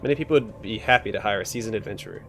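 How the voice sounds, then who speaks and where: A man's voice: fairly low pitch, very fast, a bit bright, close to an everyday voice. A man voicing a proud male militia officer in a game, who talks in a boastful, matter-of-fact way.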